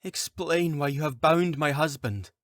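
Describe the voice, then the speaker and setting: A man's voice: on the high side, unhurried, a bit bright, dry recording, clean studio sound, voice pushed up. A man voicing a distraught, defiant mother and wife who pleads in a raised, strained voice. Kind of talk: audiobook character voice.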